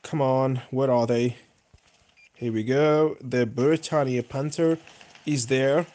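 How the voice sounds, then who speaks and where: This gaming YouTuber has a medium-pitched voice and talks slowly as he narrates his tank match live. The young man's reactions come in excited bursts, cheering at good moments and groaning at bad ones.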